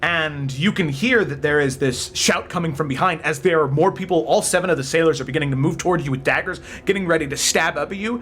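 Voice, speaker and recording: A man narrating a tabletop game as game master, briskly calling rolls and damage. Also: on the high side, a bit bright, faint music behind. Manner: brisk narration, rolling dice aloud.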